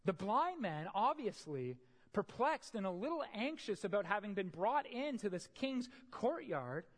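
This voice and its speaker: Storytelling preacher, emphatic, lively animated delivery, long hall reverb. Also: mid-range voice, measured pace. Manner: storytelling, emphatic, often adds "right?". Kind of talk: sermon.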